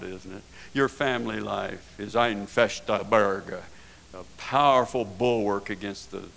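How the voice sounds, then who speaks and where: A man's voice: on the low side, vocal fry, fairly bright tone, slight background noise, rough recording. A man preaching a sermon in a folksy way, often ending his points with tag questions and rising into emphatic bursts.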